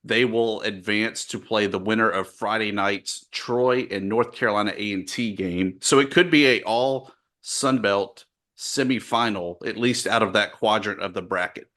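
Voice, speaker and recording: A man's voice: lowish voice, normal speed, fairly bright tone. A man co-hosting a casual sports podcast, running through scores and news in a dry, matter-of-fact way. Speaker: podcast co-host.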